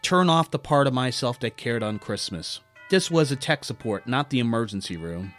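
A man tells a personal story with dry, wry humor, his voice sitting at an ordinary middle pitch. Faint guitar music runs quietly beneath his narration. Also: expressive, moderate pace. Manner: wry, self-deprecating storytelling with character voices.

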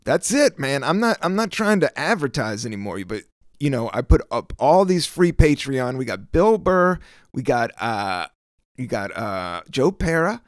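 A man's voice: medium pitch, big pitch swings, unhurried, dry recording, studio quality. A middle-aged man from the United States, a comedian hosting his own solo podcast, rambling loosely with plenty of swearing and trailing off while searching for words. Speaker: podcast host.

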